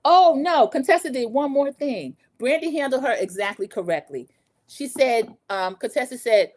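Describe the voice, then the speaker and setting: A woman in her forties hosting a casual livestream recap, gossipy and animated, talking straight to her viewers. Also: sits high, moderate pace. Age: 40s. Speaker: show recap host.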